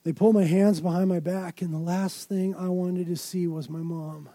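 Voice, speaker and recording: High, mellow-voiced preacher. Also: male voice, fairly even intonation, normal speed, no room sound. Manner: dramatic storytelling, emphatic build-ups. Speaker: pastor. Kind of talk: sermon.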